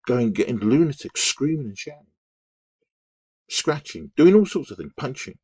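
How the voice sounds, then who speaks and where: A man telling a story in a casual, rambling monologue, animated and full of restarts. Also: mid-range voice, moderate pace, breathy edge, dry recording.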